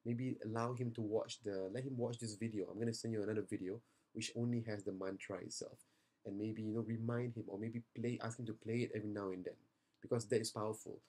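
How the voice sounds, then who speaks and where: A man's voice: lowish voice, steady tone, fast, warm tone. A young man, a seminar trainer, talks earnestly and reassuringly to parents in a video message, with many fillers and restarts, tired after the seminar.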